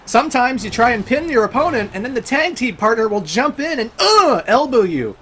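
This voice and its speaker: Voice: medium pitch, big pitch swings, a little fast, a bit bright, a little hiss or hum. A let's play host giving casual, chatty gameplay commentary, laughing often and swearing now and then.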